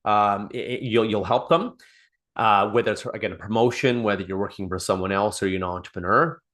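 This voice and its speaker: This live online coaching session features a man with a fairly low, fairly bright voice who talks a little fast. Speaking off the cuff to a small group on a call, he teaches sales, restarting and repeating phrases and performing example exchanges.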